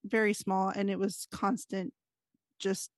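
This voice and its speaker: A woman's voice: medium pitch, level tone, unhurried, dry recording, clean studio sound. A woman, likely in her thirties or forties, guesting on a casual podcast and telling personal stories in an earnest, anxious way. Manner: earnest storyteller, anxious, frequent fillers. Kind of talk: casual chat.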